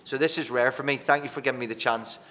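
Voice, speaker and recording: A man, a radio presenter talking as a podcast guest, telling lively, rambling stories with casual swearing. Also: medium pitch, quick pace, long reverb tail, slight background noise. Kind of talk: casual chat.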